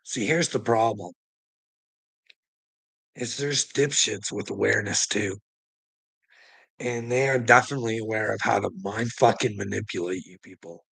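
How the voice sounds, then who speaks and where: A man's voice: fairly low pitch, creaky, fairly bright tone, husky, no echo, low-quality recording. A man livestreaming, talking straight to his chat in a rambling, profane, preachy monologue, chuckling now and then.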